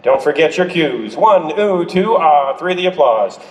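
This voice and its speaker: A man performing as a juggler, doing comic crowd-work with dad jokes and coaxing the audience into shouted cues. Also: on the high side, expressive, unhurried. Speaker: juggler performing a stage show. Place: crowd at an outdoor festival show. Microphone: far from the streamer's camera mic. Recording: distant, roomy, loud music behind.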